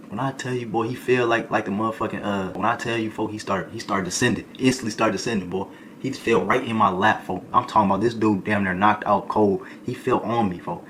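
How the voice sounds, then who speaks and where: Fast-talking man telling a wild story. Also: fairly low pitch, a little hiss or hum. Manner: animated, slangy, peppers lines with "boy" and "folk". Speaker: streamer. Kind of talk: comedic storytime.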